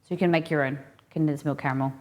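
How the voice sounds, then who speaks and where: A woman's voice: sits low, fairly even intonation, quick pace, a little mellow. A woman hosting a casual live cooking stream, chatting and thinking aloud with rambling asides as she works in a kitchen.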